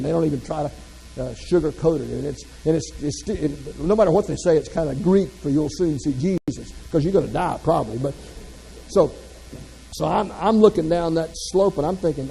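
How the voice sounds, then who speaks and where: A man's voice: a little high, vocal fry, dark tone, in a large hall, a little hiss or hum, poor audio. A man from the American South, giving a motivational keynote full of folksy, self-deprecating humor. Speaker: motivational speaker.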